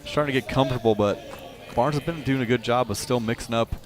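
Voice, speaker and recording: A man doing color commentary on a live high school baseball game, with relaxed, rambling analysis full of restarts. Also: fast talker, music in the background. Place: outdoor ballpark.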